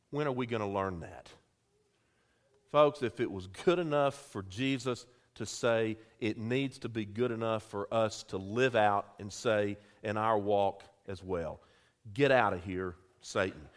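High-voiced preacher swinging loud and soft. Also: male voice. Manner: preaching with sharp swings between loud calls and quiet asides. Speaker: pastor. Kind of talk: sermon. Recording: audio recording of a church sermon.

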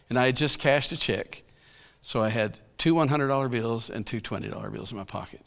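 Okla pastor guy telling a church story, homey and laughing a lot, bright voice. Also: medium pitch, brisk, vocal fry. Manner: folksy, chuckling, colloquial. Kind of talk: sermon storytelling.

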